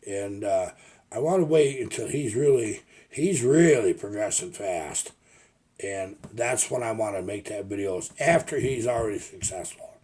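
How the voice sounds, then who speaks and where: A man's voice: fairly low pitch, animated, normal speed, dark tone, husky. An older man, a logger turned video maker, telling rambling folksy stories in a casual vlog. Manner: rambling folksy storytelling with restarts. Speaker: retired logger vlogger.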